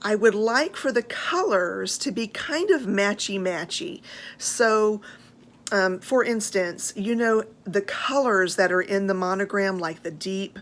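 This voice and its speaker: An American woman vlogging casually about handbags, chatty and gushing, with frequent fillers and drawn-out admiration. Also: mid-range voice. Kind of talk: casual show-and-tell chat.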